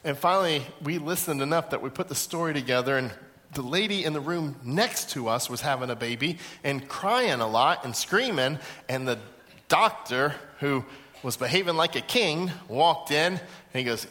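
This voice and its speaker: Male preacher, bright and slightly high, lively storyteller who acts out quotes; echoey hall sound. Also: moderate pace. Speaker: pastor. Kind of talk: sermon. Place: large auditorium.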